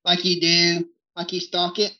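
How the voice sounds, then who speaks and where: A man's voice: high voice, monotone, a little slow, bright, forceful tone. A man with a drawl tells hunting stories as a podcast guest, laughing often and playing out each quote with gusto. The recording is dull and lo-fi, the top end rolled off. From Texas. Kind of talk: storytelling in a podcast interview. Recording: muffled lo-fi recording.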